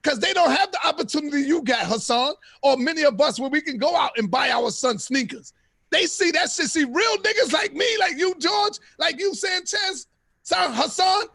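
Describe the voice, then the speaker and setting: A man hosting a live-stream debate, loud, profane and preaching. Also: extremely high pitch, gravelly, no echo, studio quality. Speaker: host.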